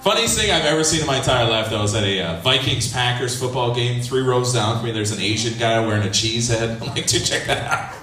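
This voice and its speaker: A man's voice: medium pitch, lively intonation, fast, few pauses, soft background music. A man performing a stand-up comedy set, loose and rambling, chuckling at his own jokes. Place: comedy club stage, live audience. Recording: roomy club recording from a distance, loud crowd.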